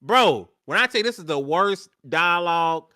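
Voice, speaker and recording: A man with a very bright, somewhat high voice talks games over a remote call. He gets emphatic and hammers the same phrase again and again. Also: expressive, moderate pace, clean tone. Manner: emphatic, repeats himself when ranting. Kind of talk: casual gaming chat.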